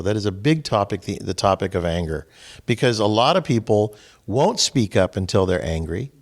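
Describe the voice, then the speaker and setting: A man hosting a group discussion in a small room, talking earnestly and with emphasis, often quoting others. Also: mid-range voice. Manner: earnest, emphatic, acts out quotes. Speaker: host.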